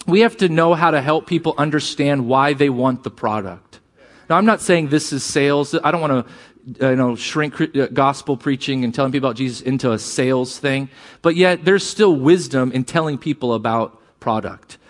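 A man preaching a sermon, animated and jokey, who acts out quoted lines in a raised voice. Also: mid-range voice, moderate pace. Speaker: pastor.

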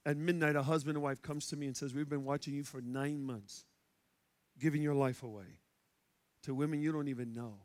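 A male pastor from Chicago with a Chicago accent, preaching and telling stories, going from loud shouts to hushed quiet. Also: a little high, fairly even intonation, a little fast. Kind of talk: sermon. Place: church sanctuary.

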